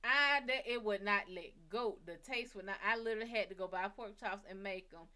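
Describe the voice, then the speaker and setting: A woman's voice: mid-range voice, normal speed, clear, resonant tone. A woman hosting her own psychic reading show, telling a personal story in a blunt, casual way with plenty of cursing. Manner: blunt, heavy cursing, lively retelling. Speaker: psychic reader and show host.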